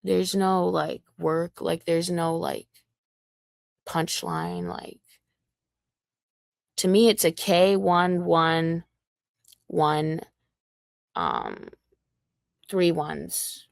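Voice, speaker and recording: A woman talks slowly into a dry, close mic, her low-set voice full of gravelly fry. She rants casually on a livestream in a mocking, taunting manner and swears freely. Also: very animated, dry recording. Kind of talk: casual ranting livestream monologue.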